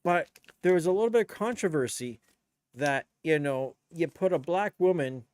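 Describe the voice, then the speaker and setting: A man's voice: a little high, lively intonation, moderate pace, darkish tone, clean tone, no room sound. A man, a DJ chatting on his live stream in a blunt, rambling, profane way. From Canada. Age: 50s. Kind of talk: casual live-stream chat.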